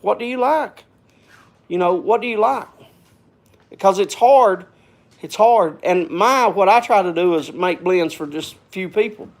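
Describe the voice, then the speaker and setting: High-voiced, rambling man chatting to viewers. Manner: rambling, repeats himself, folksy; gets worked up then calms. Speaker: host of a live stream. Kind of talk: casual live-stream chat.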